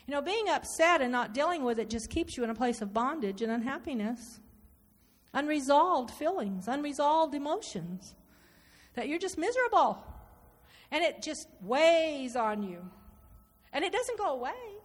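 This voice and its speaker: A woman preaching a sermon, animated and repetitive, acting out inner dialogue as she speaks. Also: high voice, moderate pace. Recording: reverberant hall.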